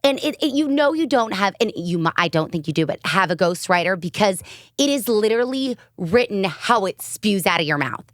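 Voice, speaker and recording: A woman's voice: mid-range voice, lively intonation, brisk, no echo, studio quality. A woman with a Southern American accent co-hosting a podcast, gushing and giggly in casual chat. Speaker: podcast co-host.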